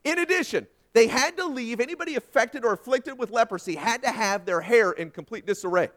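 A man preaching a sermon with folksy asides, swinging dramatically from loud emphasis down to a hushed near-whisper. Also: extremely high pitch, a little fast. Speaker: pastor.

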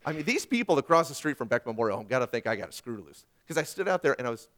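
A male pastor preaching a sermon in a conversational way with personal stories, swinging from loud, emphatic lines to hushed ones. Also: medium pitch, very animated, rapid-fire.

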